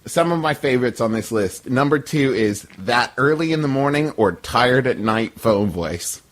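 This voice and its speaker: Dude reading off a silly list on a comedy podcast, middle voice but lots of swing in it, kinda deadpan. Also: male voice, medium pitch, moderate pace. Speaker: podcast co-host. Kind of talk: comedic podcast, reading listener submissions aloud.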